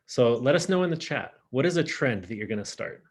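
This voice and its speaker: A man teaching a casual online French class, chatty and upbeat, slowing down to model pronunciation. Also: mid-range voice, sing-song. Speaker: high school French teacher.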